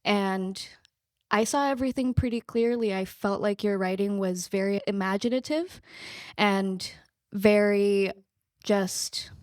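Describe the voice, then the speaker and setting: A woman's voice: medium pitch, steady tone, unhurried, darkish tone, no room sound, clean studio sound. Earnest woman actress on a podcast. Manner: earnest, effusive, grateful. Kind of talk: casual podcast conversation.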